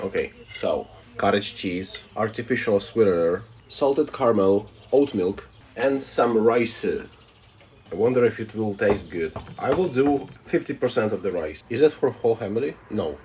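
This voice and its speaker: A man with a fairly low voice hosts a casual live stream. He reads viewer messages aloud and answers them bluntly, sounding unbothered. A faint hiss of background noise sits under his voice. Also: animated, moderate pace, darkish tone. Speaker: live streamer reading chat.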